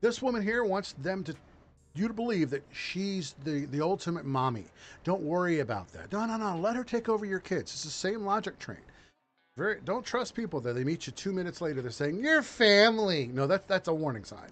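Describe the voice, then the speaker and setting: A man hosting a political commentary podcast from his home studio, riffing in a mocking, crude, animated way. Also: high-pitched, brisk, soft background music. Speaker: podcast host.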